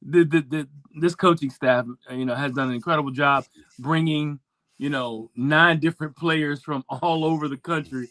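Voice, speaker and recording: A man's voice: fairly high pitch, steady tone, normal speed, a bit bright, dry recording. A man hosting a sports talk show, talking casually with lots of fillers and restarts.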